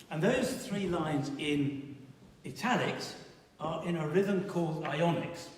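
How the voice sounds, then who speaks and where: A man giving a live public lecture on classics, animated, now and then singing short pitch examples to make a point. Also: measured pace, distant mic, noisy background. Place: large hall at a live evening event. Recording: echoey hall, voice picked up from afar.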